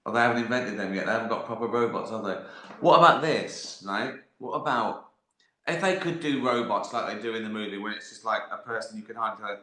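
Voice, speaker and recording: A man's voice: on the low side, a little fast, bright, forceful tone. A man hosting a casual livestream, rambling through viewer questions with lots of fillers, restarts and casual swearing. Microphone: phone or laptop livestream. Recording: roomy echoey sound.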